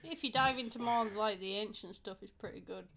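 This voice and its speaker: A woman's voice: medium pitch, fairly quick, gravelly, a bit bright, a little hiss or hum. A British woman co-hosting a casual chat, chatty and laughing easily. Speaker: co-host.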